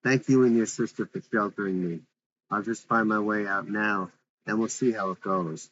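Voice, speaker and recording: A man's voice: on the low side, fairly even intonation, moderate pace, a bit bright, lo-fi sound, lightly acted. A man reading a defiant young woman. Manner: blunt, mocking retorts.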